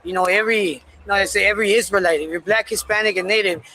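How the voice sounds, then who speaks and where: A man casually telling a personal story in a candid, profane, animated way. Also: high-pitched, very fast, poor audio.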